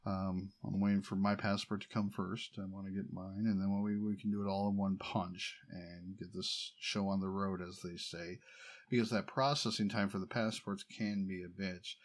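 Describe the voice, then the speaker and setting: A man's voice: deep voice, level tone, moderate pace. A middle-aged man from the United States in a casual personal monologue, rambling and wryly complaining. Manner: rambling, wry, exasperated complaining with laughs.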